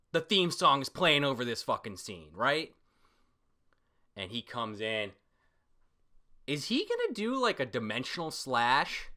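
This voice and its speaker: An excitable man reviews a comic chapter in a loose, casual way, and he swears freely. His voice swings widely in pitch and carries a bright, forceful edge. He breaks into sudden shouts. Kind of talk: casual reaction commentary.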